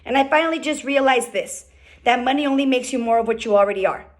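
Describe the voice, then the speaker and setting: Fired-up high-voiced woman. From California. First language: Spanish. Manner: fired-up, fast, repeats "okay?" often. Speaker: team leader speaking on a group call. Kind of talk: motivational business talk. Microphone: call microphone.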